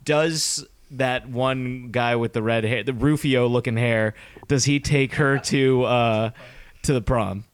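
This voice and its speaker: A man co-hosting a casual podcast. He talks in halting, restarting phrases. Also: medium pitch, steady tone, clean tone. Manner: halting, many fillers and restarts. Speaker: co-host. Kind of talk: casual chat.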